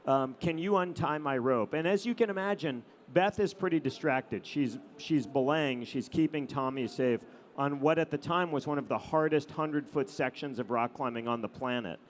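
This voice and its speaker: A middle-aged man, a photographer, telling anecdotes to an audience in a relaxed storytelling manner with frequent "um" and "you know". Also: medium pitch, moderate pace. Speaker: adventure photographer giving a talk.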